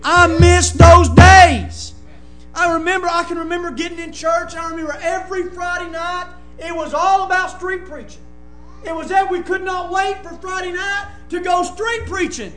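Impassioned preacher, high bright voice. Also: male voice, fairly even intonation, moderate pace, roomy sound, faint music behind. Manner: impassioned, often shouting. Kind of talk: sermon.

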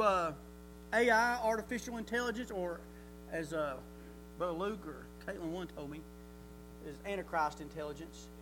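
A man's voice: high-pitched, noisy background. A man preaching a sermon in a folksy way, asking rhetorical questions and chuckling often.

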